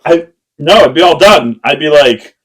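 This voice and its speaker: A woman's voice: deep voice, lively intonation, normal speed, husky, rough recording. A woman co-hosting a podcast in casual chat, reading fun facts aloud and teasing her co-host while breaking into laughter.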